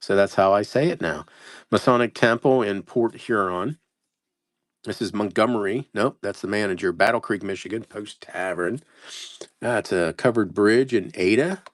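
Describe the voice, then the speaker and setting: A man's voice: on the low side, normal speed, no echo, clean studio sound. A man running a casual live sales stream, reading out place names and stumbling over how to say them, self-mocking. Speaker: live-stream postcard seller.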